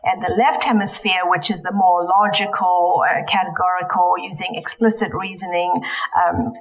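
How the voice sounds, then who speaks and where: A woman's voice: fairly low pitch, level tone, moderate pace, poor audio. A woman giving a lecture in a church, speaking with frequent ums and self-corrections. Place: church hall.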